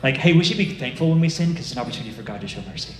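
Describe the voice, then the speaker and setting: A man giving a sermon in a conversational, animated way, often acting out the inner voices of his listeners. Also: medium pitch, rapid-fire, reverberant, faint music behind, rough recording. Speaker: director of a ministry, preacher.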